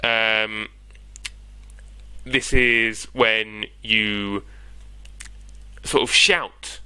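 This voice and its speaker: British man, tutor, bright clear voice, dry close sound, patient conversational lesson. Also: lowish voice, fairly even intonation, extremely slow, dry recording, low-quality recording. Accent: British English. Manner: patient, conversational, checks in with "yeah?". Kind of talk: explaining grammar in an online lesson.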